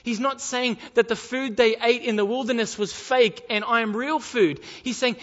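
A man with a notably high voice preaches a sermon, reading verses aloud and pressing the listeners with rhetorical questions. His voice carries a long reverb, as if in a large hall. The sound is a little dull and muffled. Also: fairly even intonation, moderate pace, hardly any pauses.

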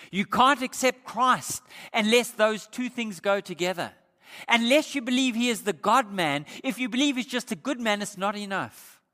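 A man preaching a sermon, emphatic, growing louder when he quotes scripture. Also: high voice. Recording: long hall reverb.

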